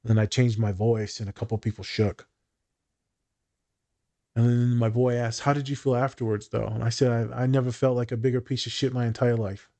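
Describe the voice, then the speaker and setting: A man's voice: medium pitch, fairly even intonation, fairly quick, mellow. A man co-hosting a casual podcast chat, telling blunt, profane stories about his work as a therapist.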